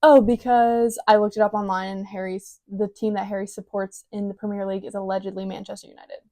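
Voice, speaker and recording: A woman's voice: mid-range voice, flat delivery, brisk, mellow, no echo. A young adult woman hosting a podcast, casually reading aloud and adding wry, teasing remarks with many fillers. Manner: wry, teasing self-mockery; filler-heavy, loose delivery. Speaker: podcast host.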